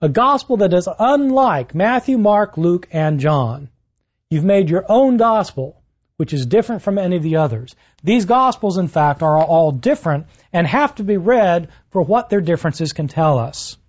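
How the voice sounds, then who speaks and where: A man lecturing on the gospels and retelling scenes with animated delivery, lifting his voice for quotations, with frequent "uh" fillers. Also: sits high, normal speed, muffled recording. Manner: animated storytelling, rises for quotes, frequent "uh" fillers. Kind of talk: university-style lecture.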